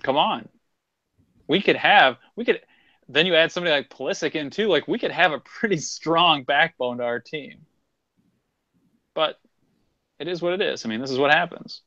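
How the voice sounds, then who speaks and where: Blunt, higher-voiced man ranting in a muffled recording. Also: moderate pace, long pauses, pushed and bright, no room sound. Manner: blunt, swears freely, argues in bursts. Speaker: podcast co-host. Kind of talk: casual sports chat.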